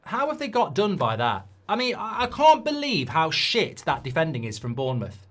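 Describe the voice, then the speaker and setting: Animated man ranting about football. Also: on the high side, moderate pace. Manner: swears and rants at bad defending. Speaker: football watchalong host. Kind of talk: live football watchalong commentary.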